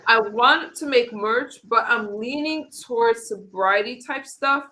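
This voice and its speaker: A woman's voice: on the high side, a little slow, pushed and bright, slight background noise, low-quality recording. A woman hosting a casual political talk stream, chatty and rambling, often restarting her sentences. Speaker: host of a political commentary stream. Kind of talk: casual chat with co-hosts.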